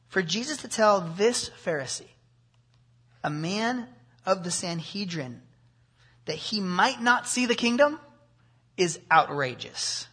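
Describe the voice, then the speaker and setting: A man preaching an expository sermon, explaining a passage verse by verse and asking rhetorical questions. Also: high-pitched. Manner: animated, with rhetorical questions and asides.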